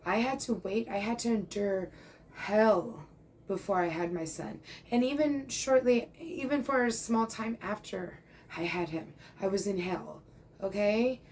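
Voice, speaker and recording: A woman's voice: medium pitch, a little slow, darkish tone, slight background noise, low-quality recording. A woman in her thirties giving a casual tarot reading, chatty and reassuring, checking in often and now and then calling the listener "bro". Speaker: tarot reader.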